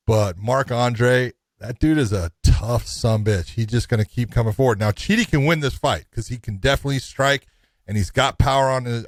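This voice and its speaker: A man's voice: mid-range voice, no room sound. A man co-hosting a fight podcast, telling stories with lots of laughter in casual chat. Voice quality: animated storyteller, laughs often. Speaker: podcast co-host.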